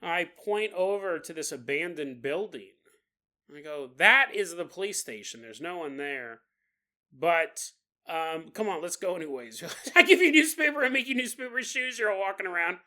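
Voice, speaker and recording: Lively, bright-voiced male podcast host. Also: sits high, normal speed. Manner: jokey, acts out characters, laughs often. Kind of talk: casual storytelling monologue.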